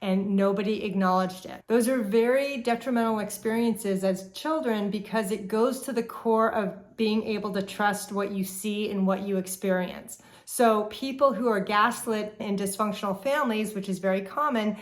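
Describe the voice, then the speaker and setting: Calm woman explaining to viewers. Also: mid-range voice, moderate pace, few pauses. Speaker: relationship therapist host. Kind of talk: educational talk to camera.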